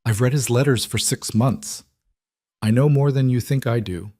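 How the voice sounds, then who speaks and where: A man's voice: medium pitch, normal speed, mellow, dry recording, studio quality, voice pushed up, close to an everyday voice. Storybook heroine: resolute young woman, clipped and firm, read by a male narrator.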